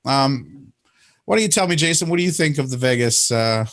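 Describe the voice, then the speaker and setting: A man's voice: medium pitch, lively intonation, a little fast, fairly bright tone. A man hosting a casual livestream, indignant and mocking, rambling through his points. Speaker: host.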